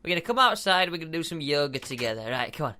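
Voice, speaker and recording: A man's voice: a little high, very animated, racing, bright, forceful tone. A young man giving bubbly, chatty gameplay commentary as a video game host, often giggling and using fillers.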